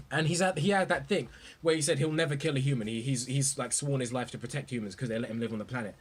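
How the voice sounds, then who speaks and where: A young man ranting about movies in a profane, excitable, rambling way. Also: mid-range voice, breathy edge. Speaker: movie vlogger. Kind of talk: casual ranting commentary.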